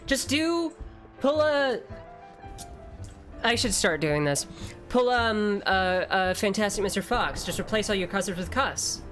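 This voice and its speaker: A woman's voice: medium pitch, normal speed, a bit bright, soft background music. A woman streamer giving casual gameplay commentary, rambling, joking and swearing freely. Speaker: gaming streamer.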